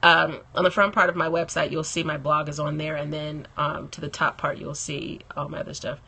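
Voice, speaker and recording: A woman's voice: deep voice, little pitch movement, brisk, gravelly, bright, forceful tone, breathy edge. A woman hosting a casual live stream from her phone, chatting and laughing often and greeting viewers by name.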